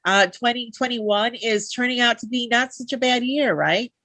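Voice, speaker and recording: A woman's voice: fairly high pitch, moderate pace, sharp tone, dry recording. A woman hosting a live interview show, heartfelt and chatty, with many fillers. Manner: heartfelt, lots of fillers and restarts. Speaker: talk show host.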